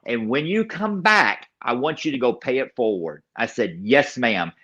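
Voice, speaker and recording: Male guest, mid-pitched, giving a personal testimony with emphatic repetition. Muffled, low-fidelity recording. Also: animated, moderate pace, a bit bright. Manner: emphatic storyteller, repeats key phrases; acts out other people's lines in the story. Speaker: podcast guest.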